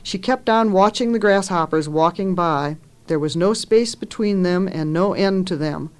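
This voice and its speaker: A woman author reading a story aloud in a measured, expressive way, lifting her voice for the characters' lines. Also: lowish voice, smooth.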